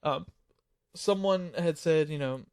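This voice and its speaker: A slightly higher-voiced American man talking casually with friends, explaining things eagerly through examples. His voice is close and dry. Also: a little slow, a little mellow, smooth, no room sound. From United States. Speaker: cast member of a fan abridged series. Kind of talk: casual group chat.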